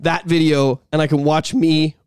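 Podcast co-host, man, high-pitched, animated, swears, dry close sound. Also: normal speed, clean tone, no room sound. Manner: animated, swearing, acts out loud shouted bits. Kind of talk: casual chat. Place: small home studio.

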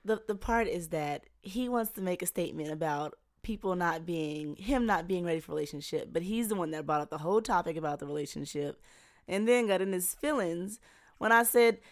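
Matter-of-fact woman, low voice. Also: a little fast. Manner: matter-of-fact, trying to correct the host. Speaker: podcast guest. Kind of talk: casual podcast chat.

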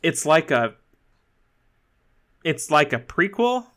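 A man co-hosting a podcast in casual chat, talking with lots of fillers and restarts and quick laughs. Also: fairly high pitch, big pitch swings, a bit bright. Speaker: podcast co-host.

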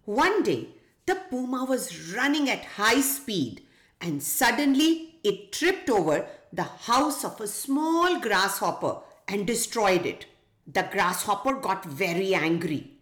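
A woman's voice: medium pitch, sing-song, slow pace, roomy sound. A woman hosting a children's podcast, narrating a folktale and asking young listeners questions. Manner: gentle, asks children questions. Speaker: children's podcast host and storyteller.

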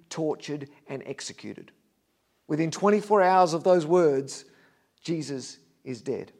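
Man, preacher, sermon storytelling, higher pitch, loud then hushed. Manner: vivid retelling, swings between loud and hushed.

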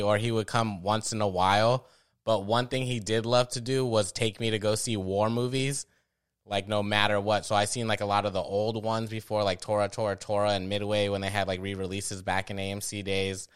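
A man in his thirties co-hosting a casual movie podcast, telling stories in an animated way and laughing often. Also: lowish voice, moderate pace, clean tone. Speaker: podcast co-host. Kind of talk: casual chat.

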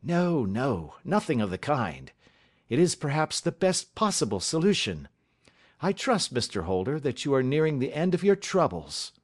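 A man reading a calm, stern detective. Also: medium pitch. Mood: composed. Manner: composed, deliberate, authoritative. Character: calm, stern male detective, measured and assured. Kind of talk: audiobook character reading.

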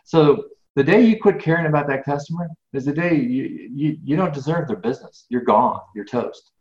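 A middle-aged man, a guest in a conversational interview, talks emphatically, often restarting and repeating words. His voice sits on the high side with a darkish tone, and his pace is moderate. The recording is echoey, dull, and lo-fi.

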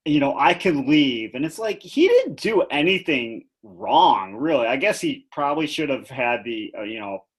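A man's voice: medium pitch, big pitch swings, moderate pace, few pauses, breathy edge. A man co-hosting a casual podcast chat, recapping with wry, sarcastic asides. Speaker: podcast co-host.

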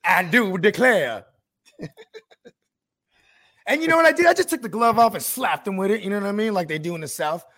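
A man hosting a podcast, telling a story in a profane, animated way and acting out the quotes. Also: high-pitched, very fast, few pauses. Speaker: podcast host. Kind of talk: casual podcast chat.

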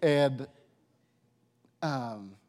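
A young man sharing a personal testimony with a live audience, in a casual, animated way full of filler words. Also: mid-range voice, very slow. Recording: reverberant hall.

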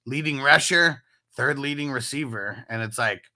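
A man co-hosting a casual fantasy football chat, reading viewer comments aloud, laughing often and getting excitable. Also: medium pitch, normal speed.

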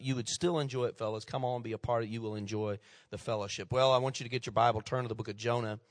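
A man's voice: mid-range voice, fairly even intonation, racing, dry recording, clean studio sound, in a large hall. A man in his fifties, a pastor, preaching a sermon in a folksy storytelling way with many restarts. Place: church sanctuary.

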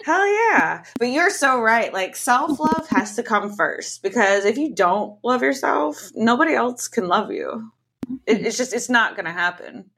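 A woman's voice: a little high, animated, measured pace, fairly bright tone, husky. A woman hosting an interview show, talking frankly and casually and now and then swearing lightly. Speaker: interview host. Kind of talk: conversational interview.

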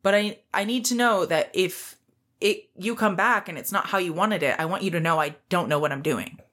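A woman co-hosting a podcast in casual chat, telling an animated story and acting out the quoted lines in a raised voice. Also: lowish voice, normal speed. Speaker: podcast co-host.

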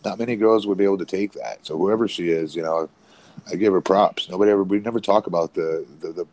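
Podcast co-host, male, very low register, rambling casual delivery. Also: quick pace, a little mellow, poor audio. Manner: rambling, many restarts and fillers. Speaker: podcast co-host, former independent wrestler. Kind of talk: casual wrestling chat.

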